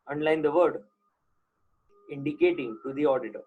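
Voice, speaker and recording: This accounting lecturer, a man with an Indian accent, teaches live online in a fairly high, slightly mellow voice, talking a little fast but pausing often. He alternates English and Hindi and keeps asking if students follow. The sound quality is lo-fi.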